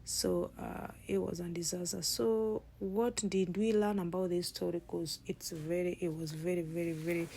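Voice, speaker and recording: A woman's voice: fairly low pitch, steady tone, normal speed, vocal fry, few pauses, warm tone, a little hiss or hum. A woman vlogger chatting casually to her viewers as she retells a family story while cooking, rambling and restarting as she goes.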